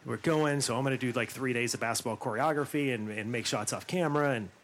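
A middle-aged man telling a long anecdote in a podcast interview, middle-pitched and lively, acting out what other people said with plenty of fillers and restarts. A faint hiss of noise sits under his voice. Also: quick pace. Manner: animated, acts out quotes, many fillers and restarts. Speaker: actor and former basketball player.

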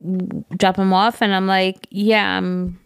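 A middle-aged woman chats on a podcast, retelling a conversation line by line. Her voice is mid-pitched and even. The sound is dry and close. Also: slow, creaky, smooth, dry recording. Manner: relaxed, retells conversations with quoted lines. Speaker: podcast guest, host's mother-in-law. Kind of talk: casual storytelling chat.

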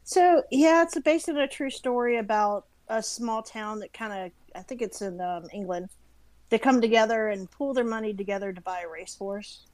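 A woman, a parent, chatting casually as a stream guest, expressive and quick to laugh. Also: a little high, no echo. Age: adult parent. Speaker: guest talking about movies. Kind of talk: casual chat.

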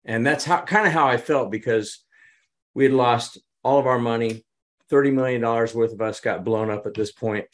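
An animated man recounts business turnarounds in a conversational interview. His voice sits in a middle register, and he acts out the lines he quotes. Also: mid-range voice, moderate pace. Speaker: business consultant guest. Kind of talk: conversational storytelling.

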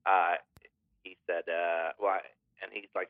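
A man's voice: low voice, little pitch movement, a little slow, no echo. A man co-hosting a casual sports betting podcast, hesitant and full of fillers. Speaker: podcast co-host. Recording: phone-like line.

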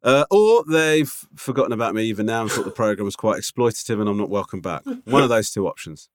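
Dry, lively-pitched male podcast host. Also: fast, dry recording. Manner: dry teasing humour, self-deprecating. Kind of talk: casual chat, reading listener emails.

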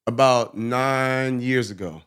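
Animated slangy male podcast co-host. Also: medium pitch, takes it slowly, smooth. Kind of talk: casual storytelling chat.

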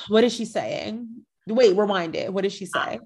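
A woman's voice: medium pitch, measured pace. A woman hosting a podcast, chatting casually and gossiping with lots of energy. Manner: animated, gossipy, shifts into mock voices. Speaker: podcast host. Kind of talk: casual chat.

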